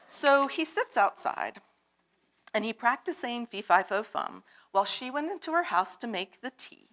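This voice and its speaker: A woman tells a picture-book story to children in a congregation. Her voice sits fairly high and swoops with lively melody. She keeps asking the little listeners to join in. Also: moderate pace. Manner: animated, asks the children to join in. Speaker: storyteller at a children's time in worship. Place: church sanctuary.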